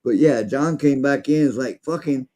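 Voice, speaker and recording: A man's voice: mid-range voice, moderate pace, mellow. A man telling a rambling, profane story in casual chat, acting out what people said. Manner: rambling, profane, acts out quotes.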